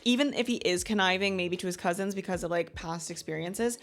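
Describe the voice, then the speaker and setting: A woman's voice: lowish voice, a little fast, faint music behind. A woman in her thirties hosting a casual book club review, chatty and gushing, full of filler words. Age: 30s.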